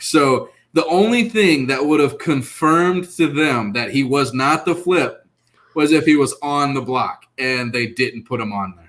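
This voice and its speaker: A man co-hosting a casual online recap show, talking over a video call and acting out lines with lively energy. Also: a little high. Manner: animated, acts out quotes, laughs. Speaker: podcast co-host.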